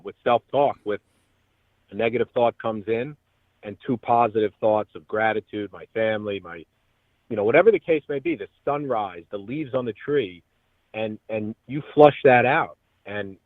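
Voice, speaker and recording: A man's voice: on the low side, moderate pace, dry recording. A man speaking as an earnest, motivational guest on a radio interview. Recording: tinny phone line, dry.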